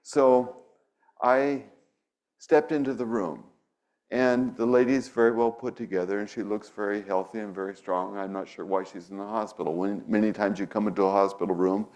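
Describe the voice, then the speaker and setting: A man with a fairly low voice preaches in a church. He talks in a relaxed, conversational way, drifting into stories from his own past as a pastor. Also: normal speed, low-quality recording. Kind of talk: sermon. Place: church sanctuary.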